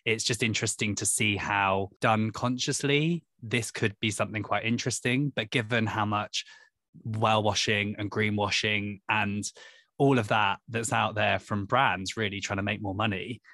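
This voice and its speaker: Bright-toned male podcast host, dry sound. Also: fairly low pitch, fairly even intonation, moderate pace, no room sound. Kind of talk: casual podcast interview.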